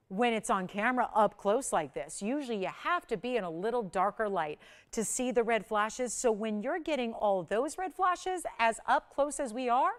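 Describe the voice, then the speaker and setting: A woman's voice: fairly high pitch, smooth. Gushing woman selling jewelry on live TV. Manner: effusive, gushing, urgent selling. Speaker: shopping channel jewelry host. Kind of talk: live TV sales pitch. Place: TV studio.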